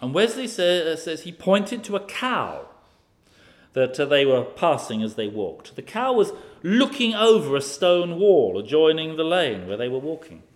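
A man's voice: fairly high pitch, very animated, a little slow. A man preaching a sermon, posing rhetorical questions with occasional fillers.

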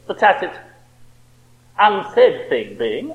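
A man's voice: high voice, huge pitch swings, normal speed, muffled recording. A man preaching a sermon with impassioned rhetorical questions.

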